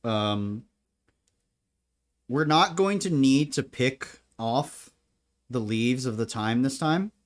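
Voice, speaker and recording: A man's voice: medium pitch, expressive, takes it slowly, long pauses. A man chatting casually while cooking in his home kitchen, rambling from topic to topic, joking and laughing often. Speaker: home cook.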